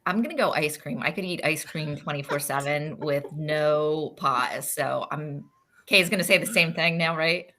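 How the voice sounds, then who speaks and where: A woman's voice: low-pitched, normal speed, pushed and bright. A woman consultant chatting on a video call, upbeat and chatty. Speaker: title insurance consultant guest. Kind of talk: casual video-call chat.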